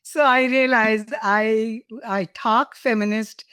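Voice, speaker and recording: A woman's voice: a little high, fairly even intonation, slow, clean tone, no echo, clean studio sound. An older woman from India, a guest telling personal stories in an interview, laughing and emotional at times. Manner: warm, laughing, emotional storytelling.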